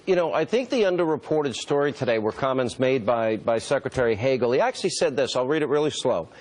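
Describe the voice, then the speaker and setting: A man's voice: mid-range voice, expressive, fast, darkish tone. Man hosting, firing pointed questions. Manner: pointed, rhetorical questioning, lists items. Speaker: talk show host. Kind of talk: broadcast interview.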